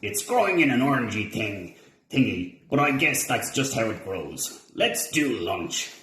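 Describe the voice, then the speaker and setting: A man's voice: medium pitch, very animated, measured pace, a bit bright, reverberant. A man voicing a big, greedy male iguana gang boss in a storybook reading, with a sly, drawling manner. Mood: scheming.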